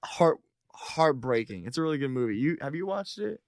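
A man telling stories in casual podcast banter, animated and crude, joking with friends. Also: medium pitch, no echo, clean studio sound. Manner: fast, animated storytelling with crude jokes. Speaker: comedian.

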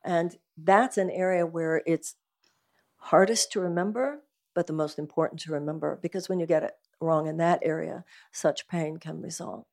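A woman speaking as a guest at a live event, talking about spiritual life in an earnest, animated, emphatic way. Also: low-pitched, normal speed, creaky. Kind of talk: conversational talk at a live event.

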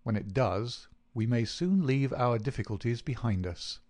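A man's voice: mid-range voice, expressive, darkish tone, natural voice. A man voicing a precise, reserved male detective in an audiobook reading. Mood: measured. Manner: measured, precise. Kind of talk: audiobook character voice.

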